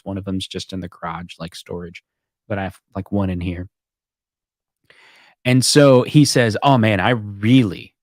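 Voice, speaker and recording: A man with a lowish voice chats casually, spinning a rambling story and playing out the back-and-forth himself. The sound is dry and close, with no room around it. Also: no room sound. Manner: rambling storyteller, acts out quoted exchanges. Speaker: host. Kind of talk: casual chat.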